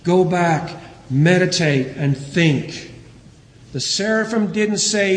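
Preacher, male, earnest and emphatic, somewhat high voice, roomy sanctuary sound. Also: expressive, slow. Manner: earnest preaching, quotes scripture, rises in emphasis. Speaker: pastor. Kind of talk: sermon. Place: church sanctuary. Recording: roomy church hall reverb.

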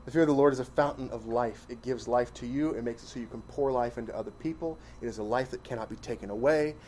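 A man preaching a sermon, emphatic and full of rhetorical questions, swinging between loud stresses and quiet asides. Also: medium pitch, fast talker, slight background noise. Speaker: pastor.

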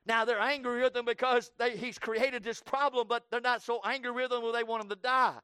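A man preaching a sermon with fervor, swinging between loud cries and hushed tones and repeating his phrases for emphasis. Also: extremely high pitch, little pitch movement, a little fast, smooth, no echo, studio quality.

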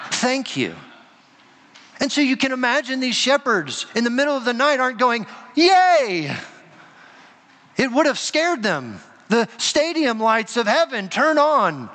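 A man preaching a sermon as pastor, earnest, with dramatic pauses and quoted voices. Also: high voice, pushed and bright. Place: church sanctuary. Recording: long reverb of a large hall.

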